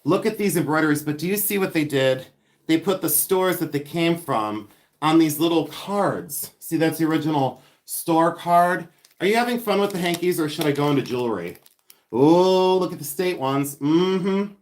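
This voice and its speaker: A man hosting a casual live stream, chatty, excitable and self-mocking as he shows vintage finds indoors. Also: on the high side, normal speed. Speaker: livestream host selling vintage finds. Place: indoors at home, seated with items.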